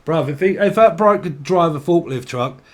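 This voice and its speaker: A man's voice: on the high side, normal speed. A man giving a casual, rambling tarot reading, swearing and laughing between tangents. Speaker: tarot reader.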